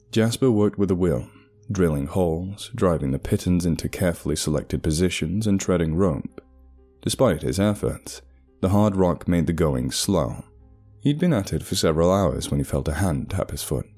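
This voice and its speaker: Deep, mellow man narrating horror: measured and deliberate.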